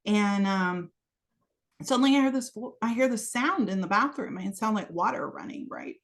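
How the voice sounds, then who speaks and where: A woman sharing a personal story as a podcast guest. She is animated and acts out each bit of dialogue, with frequent laughter. Her speech is full of casual "you know" and "like" asides. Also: medium pitch, moderate pace. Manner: frequent laughter while telling.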